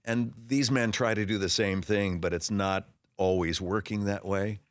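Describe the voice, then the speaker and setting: A man in his sixties speaks with a lowish voice, recorded close and dry in the studio. He tells stories with animation, restarts his sentences often and slips into other voices as he tells them. He has a casual, conversational delivery. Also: normal speed, no echo. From Los Angeles area. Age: 60s. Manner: animated storyteller who acts out voices in his anecdotes; frequent restarts and repeated words. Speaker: actor guest. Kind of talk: casual interview storytelling.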